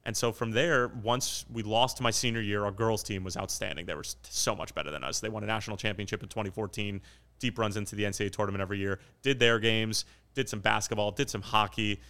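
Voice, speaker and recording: A man's voice: fairly low pitch, steady tone, bright, forceful tone, clean tone. A man in his twenties, a soccer play-by-play commentator, telling stories in a casual, self-deprecating podcast chat. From New Jersey. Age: 20s. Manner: fast, joking, self-deprecating storyteller.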